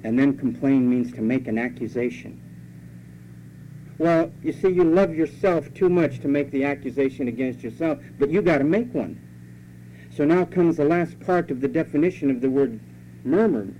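A pastor preaches a sermon, scolding his congregation conversationally and mimicking their complaints. His voice is mid-range at a moderate pace, on a dull lo-fi recording with a faint hum.

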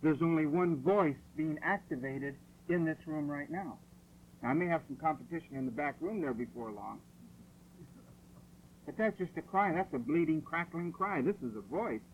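A man preaching a sermon in a church hall, insistent and forceful, driving points home through repetition. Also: on the high side, lively intonation, normal speed, phone-quality sound, a little hiss or hum. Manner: forceful, insistent, repeats phrases for emphasis.

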